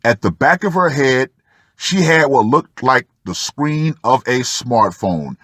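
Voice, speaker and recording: A man's voice: medium pitch, lively intonation, slow, a bit bright, dry recording, studio quality. A man reading a first-person article aloud and breaking off for sardonic asides to the listener. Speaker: channel host reading an article.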